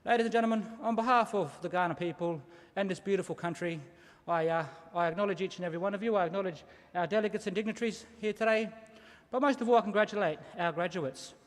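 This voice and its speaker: A middle-aged Australian man gives a ceremonial welcome in a quick, high voice. He tells stories and has the audience repeat words after him, and his voice rings out in a reverberant hall. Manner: lively, engaging, asks the audience to repeat words. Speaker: Aboriginal elder giving a welcome to country. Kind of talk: ceremonial welcome speech with storytelling.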